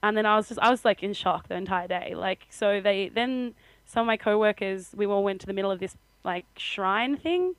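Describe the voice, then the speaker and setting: A woman's voice: medium pitch, normal speed, a bit bright, dry recording, poor audio. A young Australian woman co-hosting a podcast, telling a story in casual chat with frequent laughter. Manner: chatty storytelling, laughs often. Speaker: podcast co-host.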